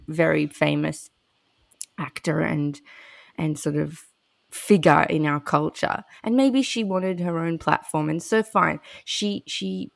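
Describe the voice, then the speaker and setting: Woman gossiping in a casual chat, lowish gravelly voice, says like a lot, dry close sound. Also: no room sound. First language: Russian. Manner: chatty gossiping, frequent "like" fillers.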